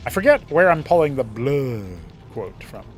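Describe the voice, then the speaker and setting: A man's voice: medium pitch, big pitch swings, soft background music. A young man casting a strategy game match alone, chatty and playful, with laughing asides. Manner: chatty, laughs at own jokes, quick asides. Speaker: esports caster. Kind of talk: solo play-by-play commentary.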